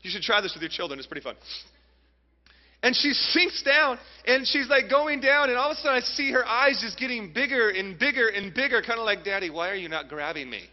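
A man in his thirties preaching a sermon, telling a personal story in an animated way and speaking straight to his audience. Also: extremely high pitch, brisk. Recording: muffled, reverberant hall sound.

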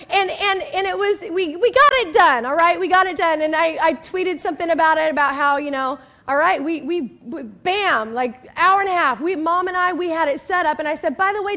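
High-voiced woman pastor preaching. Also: brisk, hardly any pauses, sharp tone. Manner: chatty, emphatic, often asks "okay?"; acts out quoted people in story. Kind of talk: sermon.

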